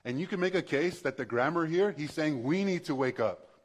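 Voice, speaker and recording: A man's voice: fairly high pitch, lively intonation, moderate pace. A male pastor preaching a sermon in a conversational, passionate way, building to emphatic bursts.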